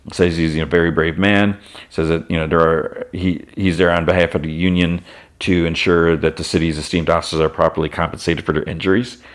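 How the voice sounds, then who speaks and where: Deep-voiced man rambling through a recap. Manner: rambling, heavy on "like" fillers, self-correcting. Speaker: podcast host. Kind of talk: casual retelling of a show episode.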